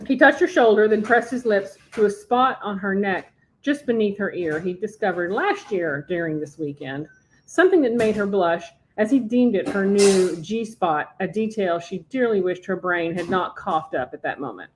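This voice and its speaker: A woman author reading aloud from her own novel at home as a podcast guest, after a relaxed, chatty setup. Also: lowish voice, normal speed, a little hiss or hum.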